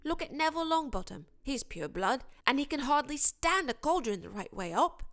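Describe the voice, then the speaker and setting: Woman doing a hoarse sick teen boy, indignant, storybook voice. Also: high-pitched, big pitch swings, normal speed, a bit bright, pitched above the performer's own voice, full character voice. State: hoarse and queasy.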